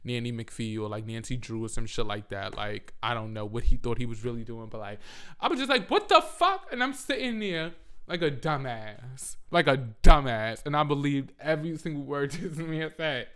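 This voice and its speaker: A man's voice: mid-range voice, moderate pace, fairly bright tone, clear, resonant tone. A man telling a rambling, profane story in a casual monologue on a handheld mic.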